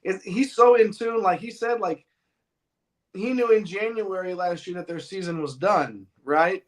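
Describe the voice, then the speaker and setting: A man co-hosts a relaxed sports podcast in a slightly higher-pitched voice. He rambles, backtracks and fixes his words as he goes. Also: unhurried. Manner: rambling, self-correcting. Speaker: podcast co-host. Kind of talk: casual sports chat.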